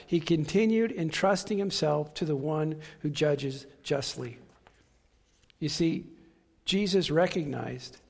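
A man's voice: fairly high pitch, long reverb tail. A man preaching a sermon with passion, repeating key phrases for emphasis. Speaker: pastor.

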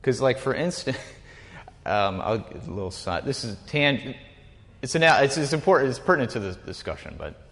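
A man's voice: medium pitch, very animated, moderate pace, a bit bright, in a large hall. A man, likely a pastor, giving an informal, rambling teaching talk to a group, often correcting himself mid-sentence. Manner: rambling, self-correcting, chatty with asides.

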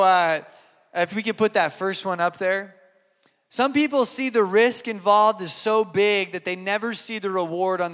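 A man's voice: sits high, fairly bright tone, clean tone, in a large hall. A man preaching a sermon, earnest and emphatic, repeating key lines and telling stories. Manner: earnest, emphatic repetition, storytelling. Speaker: pastor.

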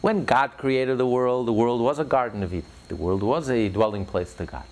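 A man's voice: medium pitch, normal speed, slight background noise. A man giving an impassioned religious talk in an interview, fervent and building to emphatic peaks. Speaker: religious speaker.

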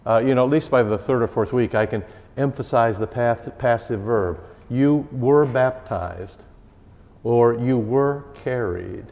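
Leading a catechism class, a male pastor talks conversationally and repeats key phrases to stress them. He has a medium-pitched, darkish voice with vocal fry, recorded amid a hall's long reverb.

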